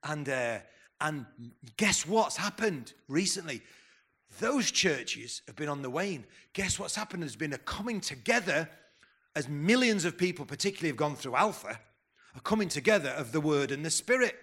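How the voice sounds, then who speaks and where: Brief: fifties man, a bit high-voiced, fired-up conference preacher who throws questions at the crowd. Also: lively intonation, moderate pace, a bit bright, slightly rough. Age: 50s. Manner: rousing, asks the crowd questions, stumbles and restarts. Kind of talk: conference sermon.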